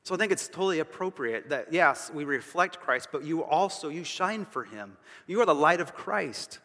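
A man's voice: fairly high pitch, animated, moderate pace, pushed and bright. A man preaching a sermon as pastor, emphatic and repeating phrases for stress, with casual asides to the congregation. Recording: long reverb of a large hall.

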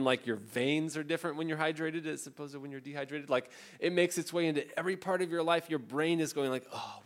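A male pastor giving a sermon in a conversational, animated way, acting out the voices he quotes. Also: on the high side. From Southern California. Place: church.

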